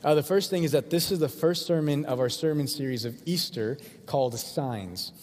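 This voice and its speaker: A man's voice: on the high side, normal speed, a little mellow. A man preaching a sermon in a church, in a casual, conversational way. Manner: casual and conversational, acts out voices of the crowd. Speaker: pastor. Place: church sanctuary. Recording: long hall reverb.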